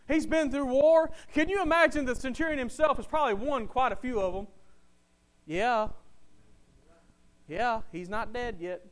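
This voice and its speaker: A man preaching a sermon with passion, swinging from quiet to loud and repeating phrases for emphasis. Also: extremely high pitch.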